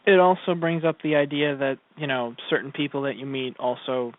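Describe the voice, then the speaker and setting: A man's voice: mid-range voice, fairly quick. A man co-hosting a podcast in casual chat, laughing often and mostly giving short replies. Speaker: podcast co-host. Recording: dry, tinny phone-like sound.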